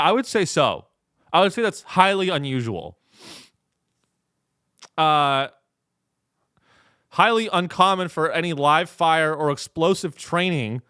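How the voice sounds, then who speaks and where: A man's voice: fairly high pitch, bright, forceful tone, clean tone, no room sound, studio quality. A young man hosting a comedy show, ranting in a profane, rambling way and slipping into mocking voices. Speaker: comedy podcast host. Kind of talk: comedic rant.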